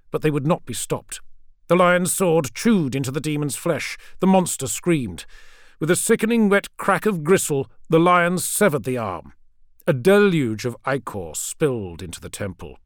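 A man reading a dark war fantasy audiobook with intense, theatrical delivery. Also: fairly high pitch, no echo, studio quality. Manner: intense, theatrical, shouting character lines. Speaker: narrator. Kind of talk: dramatic audiobook narration.

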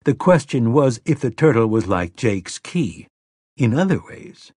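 A man with a medium-pitched voice narrates an audiobook from a script in a measured, expressive storytelling manner. The studio sound is clean, with no echo.

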